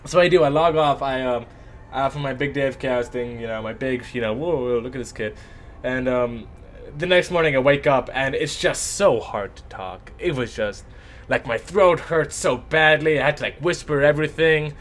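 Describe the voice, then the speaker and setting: A young man, an esports shoutcaster with a sore throat, telling a rambling, animated story between matches. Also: medium pitch, normal speed. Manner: animated, rambling anecdote with lively voiced asides.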